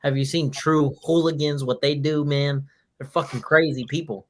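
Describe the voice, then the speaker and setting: A man co-hosting a casual soccer fan podcast, telling jokey stories in an animated way and swearing freely. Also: fairly high pitch, moderate pace. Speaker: podcast co-host. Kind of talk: casual chat.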